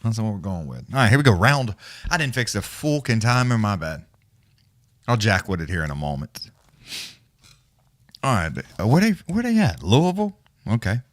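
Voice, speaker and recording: A man's voice: fairly low pitch, very animated, normal speed, long pauses, no room sound. Loose, swearing livestream host, man. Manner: loose, rambling, profane, chuckling. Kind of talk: casual profane storytelling chat.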